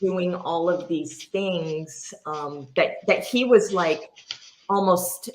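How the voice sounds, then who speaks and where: A woman's voice: lowish voice, slow. A middle-aged woman hosting a candid chat, blunt and self-mocking, swearing freely. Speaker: podcast host.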